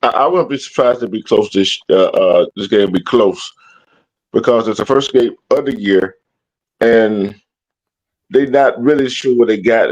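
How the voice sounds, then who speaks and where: Brief: male co-host, loose halting talk, dull lo-fi sound, mid pitch. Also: darkish tone. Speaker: co-host panelist. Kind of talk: casual sports talk. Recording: muffled low-quality audio.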